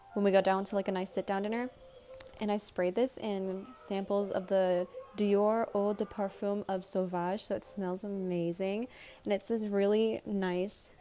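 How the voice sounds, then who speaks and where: A woman in her twenties chatting casually in a vlog, talking fast and rambling a little, as she does when nervous. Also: mid-range voice, darkish tone. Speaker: vlogger. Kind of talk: casual chat.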